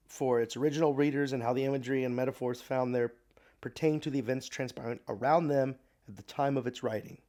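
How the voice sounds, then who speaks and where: A man teaching a recorded Bible class, speaking thoughtfully with pauses, restarts and fillers. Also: medium pitch, a little mellow.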